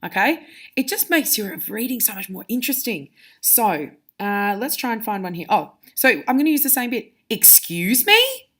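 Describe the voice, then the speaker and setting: A woman's voice: medium pitch, animated, moderate pace, slightly rough. A woman teacher explaining to pupils how to read punctuation and character voices aloud, demonstrating as she goes. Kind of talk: reading lesson for pupils.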